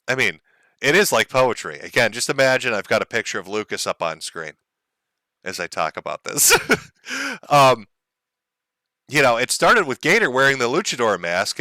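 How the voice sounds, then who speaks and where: On his livestream, a man mocks and swears his way through a rant, cracking himself up at his own jokes. His bright, tense voice swings widely in pitch. The audio is dry and close, with no room sound at all.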